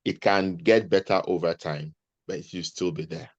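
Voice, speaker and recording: A man's voice: low-pitched, fairly even intonation, moderate pace, no room sound, lo-fi sound. A man, speaking as an interview guest, earnestly giving advice and often restarting his sentences. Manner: earnest, advising, repeats himself mid-sentence. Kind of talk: conversational interview.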